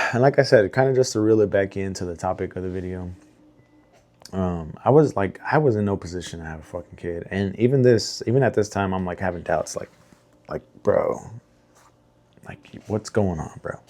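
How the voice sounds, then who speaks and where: Young male vlogger, very low voice, candid rambling storyteller, swears freely. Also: moderate pace. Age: young adult. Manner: rambling, heavy swearing, lots of fillers and restarts; emotional, candid. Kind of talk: casual storytelling to camera.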